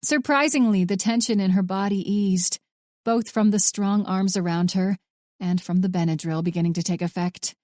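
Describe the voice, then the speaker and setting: A woman reads a thriller audiobook in a measured, even way. Her voice is mellow and dark, with a middle pitch. The recording is dry and close. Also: dry recording. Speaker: audiobook narrator. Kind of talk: scripted audiobook narration.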